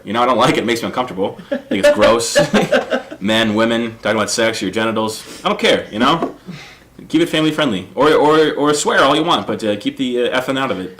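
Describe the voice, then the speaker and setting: A man's voice: lowish voice, a bit bright. A young man, a stand-up comedian, chatting casually on a podcast, acting out quotes and laughing often.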